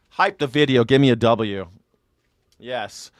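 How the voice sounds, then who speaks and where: A man's voice: medium pitch, fairly even intonation, normal speed, no room sound, clean studio sound. A man hosting a live news reaction stream, talking casually, joking and mocking, swearing freely. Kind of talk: casual livestream commentary.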